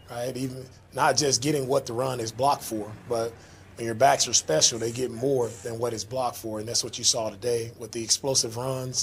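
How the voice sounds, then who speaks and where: A man's voice: medium pitch, a little hiss or hum. A man speaking as a head coach at a postgame press conference, praising his team and often adding "right?" to his points. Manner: praising, leans on "right?" tags.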